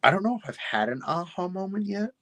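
A young adult man, a podcast guest, telling self-deprecating stories in casual chat with lively retellings. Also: high-pitched, fast, no echo.

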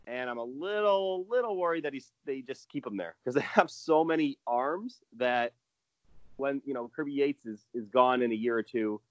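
A man's voice: medium pitch, normal speed, no room sound, muffled recording. A man talking casually and with enthusiasm as a guest analyst on a podcast, rambling with restarts.

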